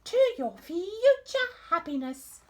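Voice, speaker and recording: A woman voicing a grumpy, bossy old queen who scolds loudly in a high, shrill voice. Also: very animated, slow, a little hiss or hum, full character voice. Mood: nagging.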